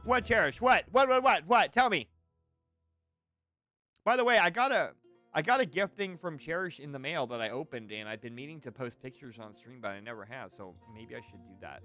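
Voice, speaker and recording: A man's voice: mid-range voice, expressive, fast talker, sharp tone, no room sound, faint music behind. A man hosting a game stream, chatting playfully with a co-host and reading chat aloud.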